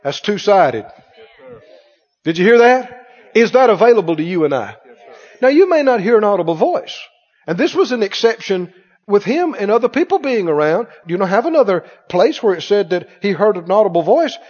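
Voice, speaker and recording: A man's voice: high-pitched, sing-song, moderate pace, darkish tone. A man preaching a sermon, acting out scripture voices and firing rhetorical questions at the congregation. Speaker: pastor. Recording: dull sound with long hall reverb.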